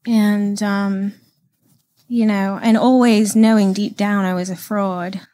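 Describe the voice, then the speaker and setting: A woman from the United Kingdom speaking candidly and reflectively as a podcast guest, with pauses and fillers. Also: mid-range voice, little pitch movement, mellow, dry recording. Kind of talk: casual interview conversation.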